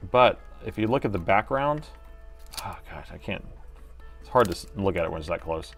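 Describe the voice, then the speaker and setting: Middle-aged man, lowish voice, live-stream host, chatty, thinking aloud, joking, faint background music. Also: animated, moderate pace. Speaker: host and laptop repair technician. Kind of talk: live-stream repair commentary.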